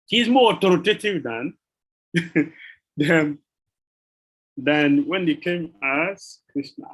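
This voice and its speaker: A man giving a devotional lecture, telling sacred stories with rhetorical questions and an animated, questioning manner. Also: fairly high pitch, takes it slowly, husky, poor audio. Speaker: spiritual teacher.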